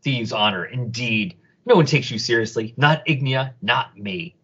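A man's voice: mid-range voice, animated, moderate pace, pushed and bright, husky, dull audio. A man voicing a cold, sardonic male scientist who speaks with cutting disdain. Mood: scornful.

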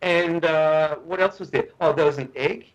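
A man's voice: a little high, steady tone, moderate pace, lo-fi sound. A middle-aged man, a guest researcher, telling a story in a podcast interview, earnest and often restarting and repeating his words. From Australia.

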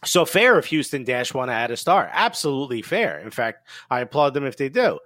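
A man co-hosting a comedy soccer show in casual chat, joking with quick playful asides. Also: medium pitch, big pitch swings, pushed and bright, no room sound, studio quality.

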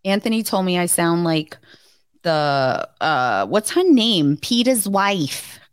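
A middle-aged woman in casual podcast chat, an animated storyteller who laughs often. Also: fairly low pitch, slow, smooth, no echo. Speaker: podcast co-host.

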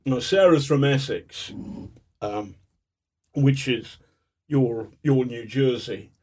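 A man being interviewed as a guest, telling stories in an animated, chatty way with chuckles. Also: mid-range voice, takes it slowly, long pauses, husky. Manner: animated raconteur, chuckles as he talks. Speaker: guest, journalist. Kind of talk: casual storytelling interview.

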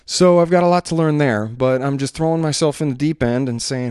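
A man's voice: on the high side, fairly quick, hardly any pauses, darkish tone, clear, resonant tone, no room sound, studio quality. Rambling, hesitant man in his thirties. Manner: rambling and hesitant, with many fillers and restarts. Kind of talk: reflective solo monologue.

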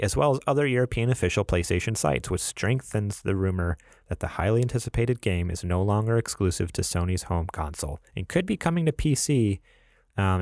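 A man's voice: on the low side, creaky, dry recording, studio quality. A man co-hosting a casual podcast, rambling and laughing, with many fillers. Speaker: podcast co-host. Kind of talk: casual chat.

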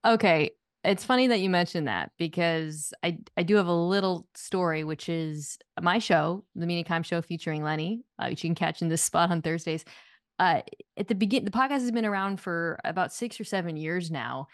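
A woman with a slightly low voice, chatting casually as a podcast guest. She tells her stories with a wry, understated edge. Her mic sound is close and dry, with no room around it. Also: moderate pace, no room sound. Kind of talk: casual chat.

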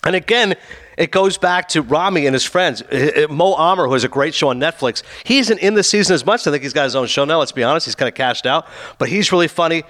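A man hosting a podcast, reviewing a TV series in casual chat, talking rapidly with lots of fillers. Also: fairly high pitch, a bit bright. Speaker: podcast host reviewing a TV show.

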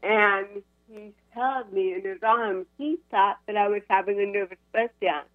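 A woman's voice: medium pitch, a little slow, dry recording. American woman in her sixties on a phone line. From United States. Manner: animated, laughs between sentences. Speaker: guest, actress and comedian. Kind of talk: storytelling in a radio interview. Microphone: telephone. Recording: tinny dry phone line.

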